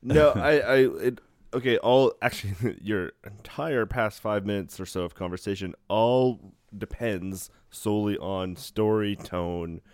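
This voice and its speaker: A man's voice: on the low side, a little slow, darkish tone, no room sound, clean studio sound. A man on a casual film podcast who lays out his points bluntly and swears now and then. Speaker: podcast co-host.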